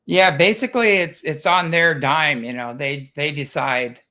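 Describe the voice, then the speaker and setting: A man from the United States, a guest who founded a ranch, chats casually and tells rambling anecdotes, repeating words and acting out what other people said. His voice is fairly high, pushed, and bright, and he speaks at a measured pace.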